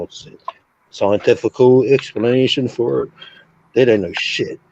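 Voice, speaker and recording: A man's voice: fairly low pitch, moderate pace. Profane man telling a story. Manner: profane, animated, acts out sounds and his own reactions. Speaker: streamer. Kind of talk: casual storytelling. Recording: dull lo-fi stream audio.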